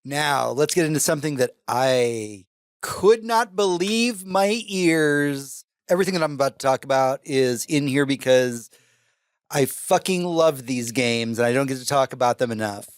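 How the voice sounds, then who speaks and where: A man co-hosting a podcast in casual chat, excitable and swearing, talking in bursts into a close mic. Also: medium pitch, normal speed, dry recording. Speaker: podcast co-host.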